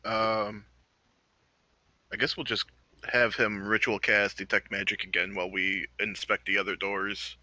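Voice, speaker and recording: A man's voice: lowish voice, level tone, measured pace, pushed and bright, no room sound, rough recording. A man playing in a tabletop game, chatting casually and thinking aloud. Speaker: player.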